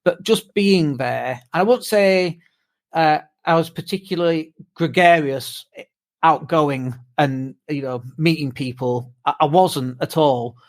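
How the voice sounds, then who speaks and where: British man, podcast co-host, tired, lively storyteller, fairly high voice. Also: unhurried. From United Kingdom. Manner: swearing, animated storytelling with mimicked whoops. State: exhausted from jet lag. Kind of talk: casual chat.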